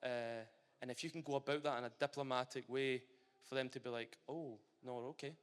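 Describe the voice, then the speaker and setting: A man's voice: mid-range voice, brisk, clean tone. Scottish guy chatting away in an interview, loads of restarts, big echoey hall. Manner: animated and chatty, with frequent restarts. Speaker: interviewee, retired footballer and ambassador. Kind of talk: casual interview. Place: large hall at a live event. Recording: long hall reverb.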